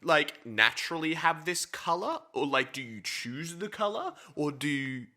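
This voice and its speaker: A man's voice: fairly high pitch, lively intonation, moderate pace, sharp tone. A man joking around on a casual podcast, throwing in crude banter and silly questions. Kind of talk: casual chat.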